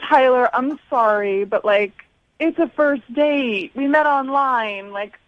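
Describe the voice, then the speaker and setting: A woman's voice: high voice, slow, dry recording. A young woman calling in to a radio show, chatting casually and giggling, with "like" in nearly every sentence. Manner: valley-girl filler, giggly, lots of "like". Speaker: caller. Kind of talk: casual phone call. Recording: muffled phone line.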